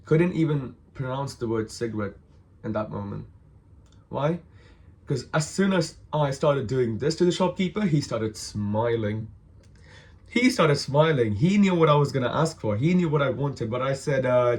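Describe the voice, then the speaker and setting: A man's voice: medium pitch, normal speed. Man telling a story, hungover and sweary. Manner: swears a lot, animated, acts out other people's lines. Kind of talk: casual storytelling monologue.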